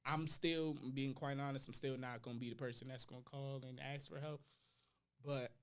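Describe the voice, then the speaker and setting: A young adult man, a podcast guest, telling personal stories in casual slang, his voice swinging between loud and quiet. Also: medium pitch, steady tone, normal speed, clear, resonant tone.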